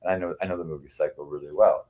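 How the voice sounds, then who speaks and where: A man's voice: a bass voice, fairly even intonation, rapid-fire, phone-quality sound. A man chatting casually on a livestream, rambling with many restarts and cooing to his cats.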